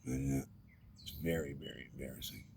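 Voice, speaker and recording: A man's voice: very deep voice, steady tone, a little fast, creaky, noisy background. A man talking in a rambling, self-deprecating vlog monologue, often dropping to a whisper, recorded outdoors at night.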